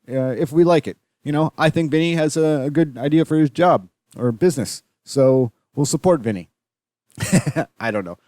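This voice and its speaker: A man rants through a solo podcast episode, swearing at nearly every turn and circling back with fillers and restarts. His voice sits a little higher than most men's. The sound is dry and close, with no room echo. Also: darkish tone. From Canada. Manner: profane, ranting, swears constantly; rambling with many fillers and restarts. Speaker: podcast host.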